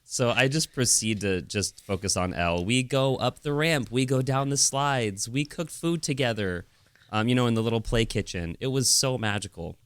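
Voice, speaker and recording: A man's voice: mid-range voice, moderate pace, smooth, no echo. A young adult man co-hosting a podcast, telling stories in casual chat and acting out what people said. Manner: storytelling with laughs and acted-out quotes. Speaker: podcast co-host.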